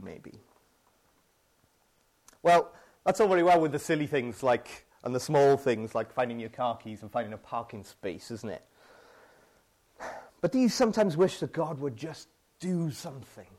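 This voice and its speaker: A man's voice: a little high, darkish tone. A man with a British accent preaching a sermon, conversational and self-deprecating, acting out his own frustrated outbursts.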